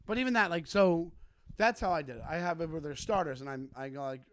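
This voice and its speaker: High-voiced man telling a rambling story. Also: fast talker. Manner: rambling, animated storyteller with frequent restarts and swearing. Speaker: comedian podcast co-host. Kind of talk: casual chat, storytelling.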